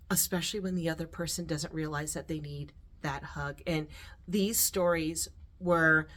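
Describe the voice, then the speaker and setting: A middle-aged woman telling a personal story in a heartfelt, rambling way, with restarts and soft laughs. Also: on the low side. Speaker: vlogger.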